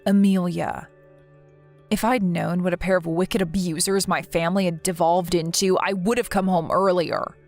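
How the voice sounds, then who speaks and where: A woman's voice: on the low side, steady tone, moderate pace, darkish tone, faint music behind. Earnest woman in a text story. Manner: earnest, indignant and protective.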